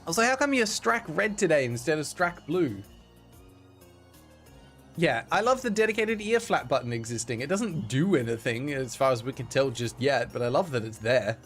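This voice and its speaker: A man's voice: mid-range voice, lively intonation, normal speed, fairly bright tone, faint music behind. A man from Australia casually chatting with viewers and commenting while he streams a game. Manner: chatty, greets viewers by name, reads game lines aloud. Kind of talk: casual let's-play commentary.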